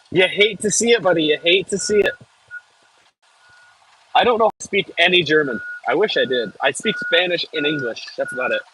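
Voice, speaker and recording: Live from the cab of a heavy machine bouncing across frozen ground outdoors, an American operator casually reads viewer messages and swears whenever it jolts. He sounds a little high and sharp, speaking at normal speed with long pauses, on poor audio with slight background noise.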